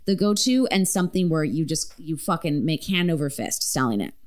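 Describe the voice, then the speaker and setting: A woman's voice: low voice, expressive, brisk. A woman hosting a podcast in casual chat, talkative and swearing freely with lots of fillers. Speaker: podcast host.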